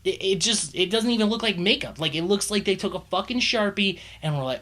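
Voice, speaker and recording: A man's voice: high voice, expressive, fairly quick, few pauses, pushed and bright. A man giving a casual, profane movie review, exasperated and ranting, swearing often.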